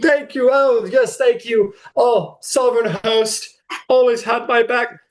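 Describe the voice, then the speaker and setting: A man voicing a cocky male knight champion giving a quick, breezy victory speech. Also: very high voice, fairly even intonation, voice pushed up. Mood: gracious. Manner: rapid, breezy thank-you speech.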